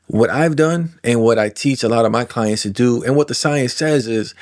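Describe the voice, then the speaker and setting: A man in his forties, a coach for trauma clients, talking casually to camera in a self-help monologue, animated, drawing out words for emphasis and acting out inner voices. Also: mid-range voice. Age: 40s. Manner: animated, acts out inner voices and imagined replies, drawn-out emphasis.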